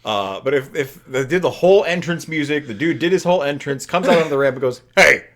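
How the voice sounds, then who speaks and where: A man's voice: a little high, lively intonation, background noise. A young man co-hosting a casual comedic chat, thinking aloud and mumbling to himself as he plays a wrestling booking game. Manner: unhurried, mumbles to himself while deciding.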